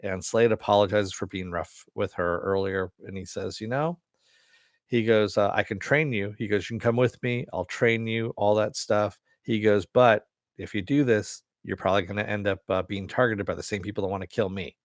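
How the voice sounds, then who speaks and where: A man's voice: fairly low pitch, fairly even intonation, normal speed, dry recording, clean studio sound. A man casually recapping a TV episode, rambling loosely with many fillers and quoted lines. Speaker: TV episode reviewer.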